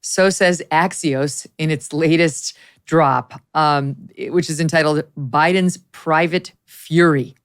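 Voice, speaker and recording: A woman hosting a talk show, delivering commentary in a brisk, sardonic way. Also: sits low, steady tone, clean tone. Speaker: host.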